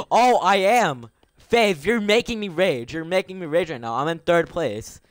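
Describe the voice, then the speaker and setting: A teenage boy streaming a game live, excitable and bantering with his chat and friends, gasping at every surprise. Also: a little high, moderate pace, smooth, no room sound, soft background music.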